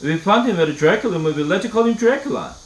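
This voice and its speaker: A man reading aloud and voicing an excited young boy who begs his parents in a higher, whinier voice. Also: fast. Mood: pleading. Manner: whiny, begging, breaks into higher pitch. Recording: echoey room, faint hiss.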